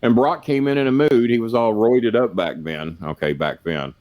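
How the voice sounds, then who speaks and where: A man's voice: mid-range voice, normal speed, highs cut off. An older man, a former wrestling manager, telling rambling, profane stories as a podcast guest. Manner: rambling, profane, plain-spoken. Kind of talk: casual storytelling.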